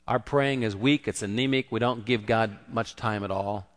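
A man's voice: lowish voice, normal speed, big-room sound. A man preaching a conversational sermon and acting out the quoted voices. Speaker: pastor.

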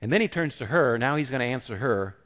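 A man's voice: medium pitch, lively intonation, fast talker, a bit bright. Man preaching in an echoing hall. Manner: conversational preaching, acts out the quoted voices. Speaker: pastor. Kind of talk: sermon.

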